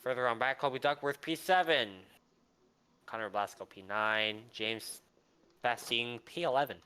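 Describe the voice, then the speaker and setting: A man calling a sim race with excitable, joking play-by-play commentary. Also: mid-range voice, unhurried, smooth.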